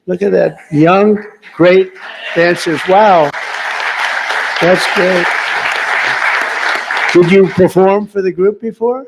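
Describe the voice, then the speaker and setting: A man's voice: sits high, steady tone, slow pace, creaky, pauses often, over a noisy crowd, very noisy. A man giving an off-the-cuff speech at an indoor reception, rambling and teasing guests in the room with asides.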